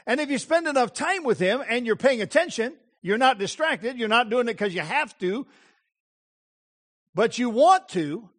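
A male preacher giving an impassioned sermon, with emphatic phrasing and dramatic pauses. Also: very high-pitched, expressive, fairly bright tone.

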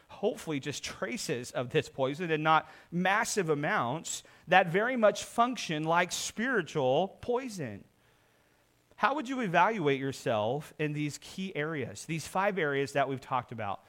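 A man's voice: on the high side, animated, measured pace. Earnest man preaching a sermon. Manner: earnest preaching, swells louder for emphasis. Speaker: pastor.

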